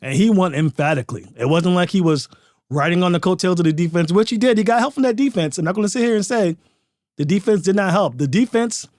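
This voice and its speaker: A man with a somewhat high voice delivers opinionated football commentary, punching his points with emphasis and rhetorical questions. The sound is dry and close, with no room around it. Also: lively intonation, fast talker, darkish tone, no room sound. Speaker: sports podcast host.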